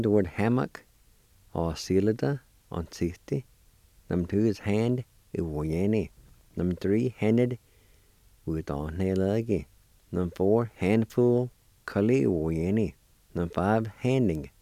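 A man's voice: on the low side, warm tone, no echo. A man teaching vocabulary, patiently spelling and sounding out words letter by letter. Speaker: language teacher. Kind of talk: slow spelled-out vocabulary lesson.

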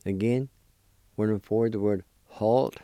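Guy doing a radio language lesson, dark mellow voice, dry sound, breaks words into syllables, encouraging. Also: lowish voice, fairly even intonation, moderate pace, dry recording. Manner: patient and encouraging. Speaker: language teacher.

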